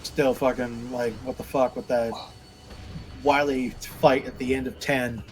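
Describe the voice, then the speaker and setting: A man's voice: mid-range voice, level tone, a little slow, a little hiss or hum, poor audio. A man streaming a game, ranting sarcastically and crudely in casual chat. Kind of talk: casual chat while gaming.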